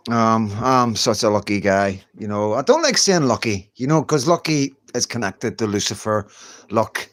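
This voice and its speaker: A man's voice: lowish voice, normal speed, a bit bright. A middle-aged man, chatting casually on a livestream from home, reassuring and conversational. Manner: chatty, reassuring, keeps saying "you know what I mean". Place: at home, indoors.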